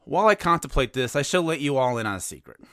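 Wry, animated male podcast host. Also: medium pitch, fast, no room sound, clean studio sound. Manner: wry, self-mocking, animated. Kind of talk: scripted podcast monologue.

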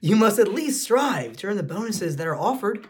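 A man's voice: high-pitched, big pitch swings, normal speed, a little hiss or hum, pitched above the performer's own voice. A man putting on a prim, scolding female assassin. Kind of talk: casual podcast read-through.

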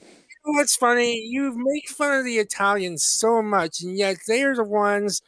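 A man's voice: high voice, normal speed, a bit bright, no room sound. A man co-hosting a casual comedy podcast, teasing and pressing the others with mock-indignant questions. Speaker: podcast co-host.

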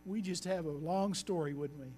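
High-voiced man preaching a sermon. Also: dark tone, a little hiss or hum. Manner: earnest storytelling, slowing for emphasis. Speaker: pastor.

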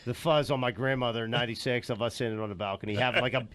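A man's voice: mid-range voice, steady tone, racing, a bit bright. A man chatting on a casual podcast, laid-back and peppering his speech with filler words. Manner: laid-back, heavy use of 'like' and 'dude'. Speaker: podcast co-host.

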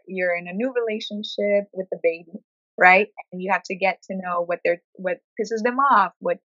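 A woman speaking frankly in a conversational interview, telling her story with animated quoted asides. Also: mid-range voice, no room sound, lo-fi sound. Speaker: guest sharing her experience.

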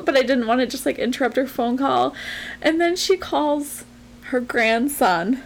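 A woman's voice: sits high, moderate pace, slight background noise. A young woman co-hosting a podcast, telling a rambling story in a chatty way and laughing often. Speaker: podcast co-host. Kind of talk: casual chat and storytelling.

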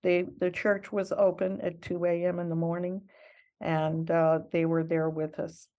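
A woman's voice: lowish voice, little pitch movement, a little slow, highs cut off. An older woman, a missionary guest in an interview, telling her story in an earnest, reflective and heartfelt way.

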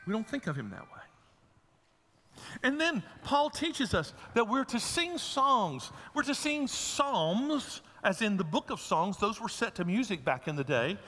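A man's voice: high-pitched, very animated, measured pace, bright, forceful tone, long reverb tail. A man preaching a sermon as a pastor, folksy and humorous, telling stories to his congregation.

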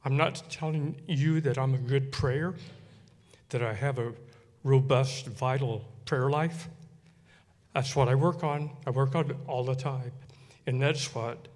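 A man giving a personal testimony in church, earnest and halting with many fillers. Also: medium pitch, fairly even intonation, a little mellow, long reverb tail.

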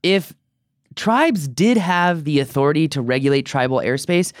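A man's voice: fairly high pitch, animated, normal speed, no room sound, studio quality. A man hosting a drone talk show in casual chat, opinionated and joking. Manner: chatty, opinionated, joking asides. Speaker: podcast host.

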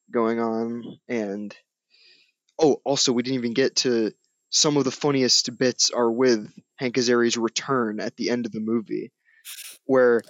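A young man talking through a film he enjoyed, rambling and amused, leaning on "like" and "you know" as he recounts scenes. His voice sits at an ordinary middle pitch. The sound is dry and close, with no room around it. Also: no echo, highs cut off. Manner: rambling, filler-heavy, amused retelling. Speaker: movie review podcast co-host. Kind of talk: casual chat.

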